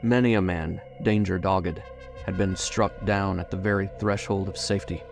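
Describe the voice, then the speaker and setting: Male narrator, gravelly, low-pitched, measured, suspenseful, horror audiobook, soft music behind. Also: fairly even intonation.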